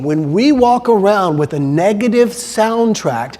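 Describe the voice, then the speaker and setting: A man's voice: high voice, lively intonation, unhurried, warm tone. A man giving a keynote talk, telling a story and acting out the quoted voices. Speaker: motivational speaker. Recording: long hall reverb.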